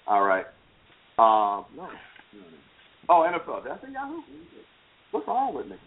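A man hosting a casual sports talk show, animated and teasing, speaking with emphasis. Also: a little high, measured pace. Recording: phone-like lo-fi line.

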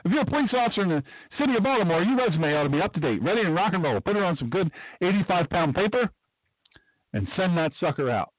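A man's voice: high-pitched, expressive, fast, no echo. A man hosting a talk radio monologue, emphatic and rambling, repeating himself as he goes. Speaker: podcast host. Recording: tinny phone-like dry sound.

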